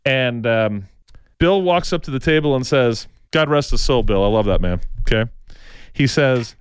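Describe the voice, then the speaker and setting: A man's voice: mid-range voice, expressive, normal speed, clear, resonant tone. A man co-hosting a talk show, rambling in casual talk, often restarting and ending points with "right?". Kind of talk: casual opinionated local talk.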